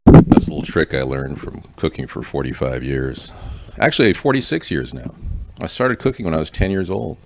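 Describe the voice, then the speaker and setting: A man's voice: extremely low pitch, big pitch swings, normal speed. Chatty man in his fifties, noisy recording. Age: 50s. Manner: chatty and rambling, with folksy asides. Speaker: cooking show host. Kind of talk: casual cooking demonstration. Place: home kitchen. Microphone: close-up wired mic.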